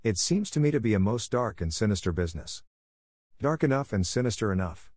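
A man's voice: fairly low pitch, expressive, a little fast, darkish tone, dry recording. A man doing an unruffled, dryly ironic detective. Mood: calm. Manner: bland, unruffled.

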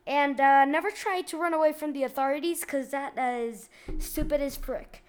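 A woman with a high, bright-pitched voice hosts a laid-back video, reading online posts aloud. She talks in loose slang, giggles often, and jumps between loud outbursts and quieter asides. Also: steady tone, moderate pace, a little hiss or hum. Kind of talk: casual commentary and reading aloud.

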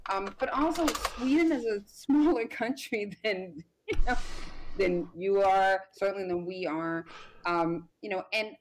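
An American woman doctor giving measured, explanatory interview answers, pausing often with "um". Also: medium pitch, a little hiss or hum. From United States. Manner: measured, hedging with frequent ums. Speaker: guest expert doctor.

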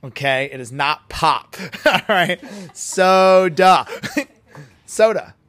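A man's voice: sits high, lively intonation, drawn-out words, fairly bright tone. A man with a New England accent hosting a casual podcast interview at a fitness gym, joking and teasing his guest. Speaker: podcast host.

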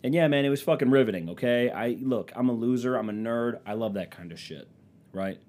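A young man chatting casually and comically as a podcast host, rambling and swearing, with quick dips into silly voices. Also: medium pitch, a little mellow. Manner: rambling, profane, slips into silly quoted voices. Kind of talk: casual comedic chat.

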